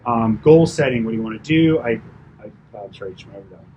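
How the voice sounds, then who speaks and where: A man working as a personal trainer, giving a chatty, animated debrief after a client session, full of fillers and asides. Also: mid-range voice, quick pace, lo-fi sound, a little hiss or hum. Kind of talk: casual coaching debrief.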